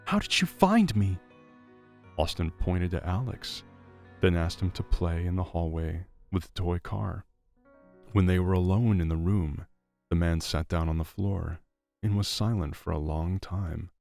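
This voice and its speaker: A male narrator with a very low, gravelly voice tells a dramatic story in a steady scripted read. Soft music plays faintly behind him. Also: a little slow.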